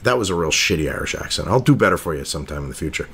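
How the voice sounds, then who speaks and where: A man's voice: low voice, very animated, fast, fairly bright tone, husky. A man giving profane political commentary, ranting sarcastically and reading news excerpts aloud between crude asides.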